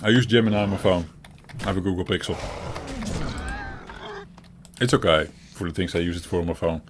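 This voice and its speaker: Chuckling Dutch-accented man, lowish voice. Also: a little fast. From Netherlands. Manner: rambling and chuckly, with frequent restarts and swearing. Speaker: co-host of a gaming chat show. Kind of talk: casual chat. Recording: audible typing and background noise.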